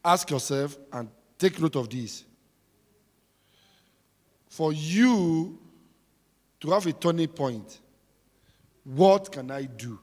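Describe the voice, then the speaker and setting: A man's voice: fairly high pitch, lively intonation, slow pace, long pauses. Male preacher, sermon delivery, emphatic and repetitive, reverberant hall. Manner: emphatic, repetitive, swings between shouting and quiet.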